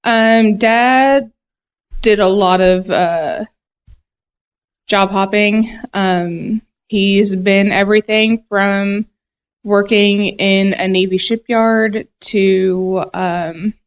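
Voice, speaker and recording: A woman's voice: mid-range voice, fairly even intonation, extremely slow, clean tone. A woman from Buffalo, New York, a podcast guest, answering in a friendly, hesitant way with many ums. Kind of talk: casual interview.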